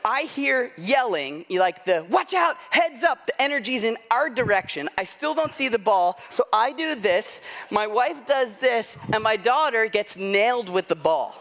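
A man's voice: high voice, animated, moderate pace, gravelly, fairly bright tone, a little hiss or hum. A middle-aged man preaching a sermon, telling a self-deprecating story in a loose conversational way, often asking "right?". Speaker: pastor.

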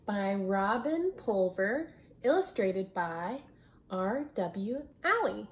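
A woman reading a picture book aloud to children in an expressive way, stopping to ask her listeners questions. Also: medium pitch, slow pace. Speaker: storybook reader.

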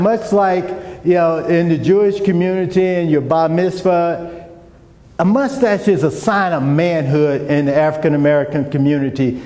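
A middle-aged man recounts a story to an audience and plays out the conversations as he goes. His voice is mellow and sits a little high. The sound rings with long reverb from a large hall. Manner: animated storyteller, acts out dialogue. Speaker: speaker. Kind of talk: storytelling talk.

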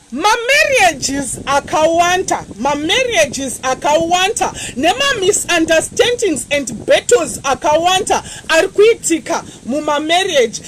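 A woman evangelist, preaching a sermon with animated, repetitive emphasis. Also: very high-pitched, a little hiss or hum, rough recording. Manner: animated preaching, repeating phrases.

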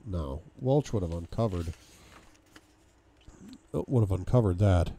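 A man's voice: deep voice, animated, measured pace, pauses often, warm tone, a little hiss or hum. A man reading a novel aloud for a book club, giving a dramatic first-person reading with sudden outbursts.

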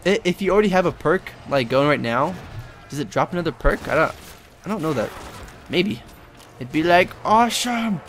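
A young man giving live gameplay commentary, excitable and rambling, swearing and yelping often. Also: on the high side.

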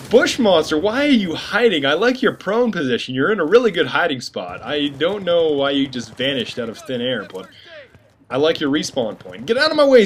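A man giving casual gameplay commentary, joking and rambling with animated asides to his viewers. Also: a little high, slight background noise.

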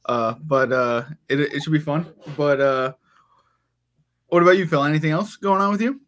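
A man's voice: on the high side, normal speed, a bit bright. A young man hosting a casual sports podcast, talking loosely with lots of fillers and "you know what I mean". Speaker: podcast host.

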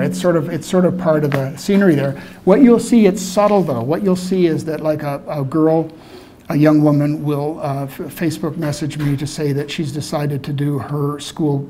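An older man from Canada tells stories to a library audience in a rambling, relaxed way. His voice sits a touch high and sounds warm and mellow. A faint hiss runs underneath. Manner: rambling, relaxed, full of "you know" fillers. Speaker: filmmaker answering audience questions. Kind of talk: casual storytelling Q&A. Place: lecture room at a library event.

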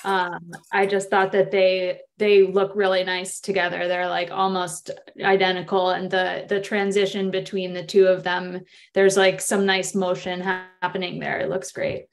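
A woman's voice: on the low side, monotone, normal speed. A woman on a video call who gives encouraging feedback on artwork, with hesitant phrasing. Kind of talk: giving feedback.

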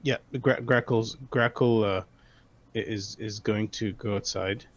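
A man playing a tabletop game who speaks haltingly and restarts his sentences, heard over a dull lo-fi microphone. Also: lowish voice, steady tone. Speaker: player. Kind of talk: casual tabletop play.

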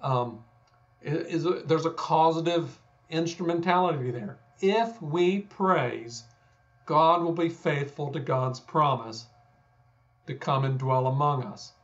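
A Texan guest scholar with a Texas accent offers a conversational explanation, working through ideas thoughtfully and self-deprecatingly with many fillers and restarts. His voice is fairly high and slow, and the audio sounds dull.

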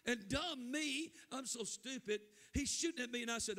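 A man preaching a Pentecostal sermon in church, impassioned and shouting. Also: very high-pitched, normal speed, hardly any pauses. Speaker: pastor.

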